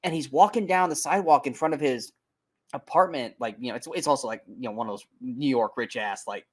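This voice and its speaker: Male podcast co-host, casual film chat, emphatic and profane, average pitch. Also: a little fast. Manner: animated and emphatic, swears freely, stumbles over words. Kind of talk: casual movie review chat.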